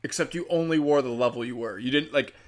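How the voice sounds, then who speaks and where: A man's voice: mid-range voice, fast. A man hosting a show, ranting in profane, sarcastic commentary and mocking the people he talks about.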